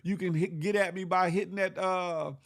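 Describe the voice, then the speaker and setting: A man with a fairly high voice hosting a casual livestream. He talks in slang, greets his viewers one by one and keeps repeating himself with a questioning "huh?". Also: normal speed. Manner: shouting out viewers by name, slangy; animated, repeats phrases, says "huh?" often. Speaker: livestream host.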